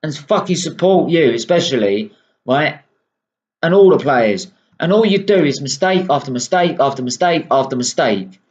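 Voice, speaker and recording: A man's voice: fairly high pitch, expressive, normal speed. Fuming sweary man ranting, lo-fi sound. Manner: swearing, punctuating with "right?". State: unwell. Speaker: football fan vlogger. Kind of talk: angry ranting monologue. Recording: dull lo-fi sound.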